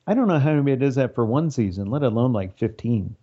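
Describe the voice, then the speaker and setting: Mellow-voiced man on a dull recording. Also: mid-range voice, lively intonation, fast talker, husky. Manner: easygoing, mostly short agreeing replies. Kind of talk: casual chat.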